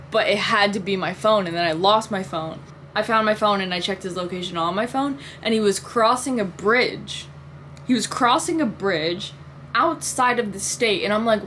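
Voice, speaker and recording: Young woman vlogger, mid-pitched, casual rambling talk full of fillers, faint room ambience behind. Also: fairly bright tone, slight background noise. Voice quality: frequent "like" fillers, swears casually. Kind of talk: casual storytelling monologue.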